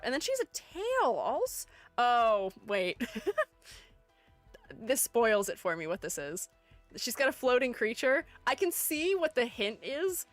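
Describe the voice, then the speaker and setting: Woman streamer, bright-pitched and very animated, playful chat with viewers, dry close mic. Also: dry recording. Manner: chatty and playful, reading chat aloud and answering it. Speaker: streamer ranking game character designs. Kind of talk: casual livestream chat, greeting viewers.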